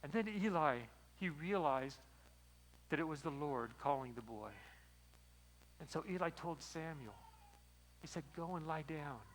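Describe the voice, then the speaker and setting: A man as pastor preaching a sermon, retelling a story in a lively, storytelling way. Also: a little high, unhurried, long pauses, slight background noise, rough recording.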